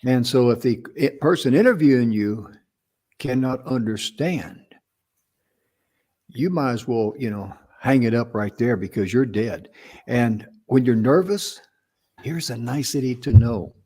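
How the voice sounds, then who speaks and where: An older man from North Carolina co-hosting a casual advice talk show, speaking slowly and pronouncing his words carefully. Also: medium pitch, animated, a little mellow, breathy edge. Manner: slow, deliberate, carefully pronounced speech. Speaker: co-host.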